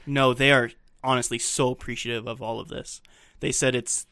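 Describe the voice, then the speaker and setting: A man's voice: medium pitch, level tone, normal speed, sharp tone, no echo. A man co-hosting a casual podcast, walking through a film scene by scene and dropping behind-the-scenes fun facts. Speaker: podcast co-host.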